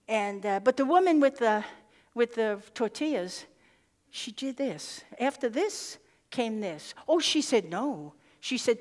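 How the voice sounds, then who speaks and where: An older woman giving a conference talk, telling lively personal stories with asides and tag questions, laughing at herself now and then. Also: fairly high pitch, unhurried. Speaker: guest speaker. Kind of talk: storytelling keynote speech. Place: conference hall. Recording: long hall reverb.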